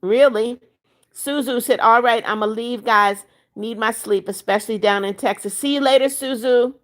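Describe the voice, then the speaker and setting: On her livestream, a woman of seventy-one reads out comments from the chat and responds to every viewer by name, keeping things chatty. She speaks with fairly high pitch at a moderate pace.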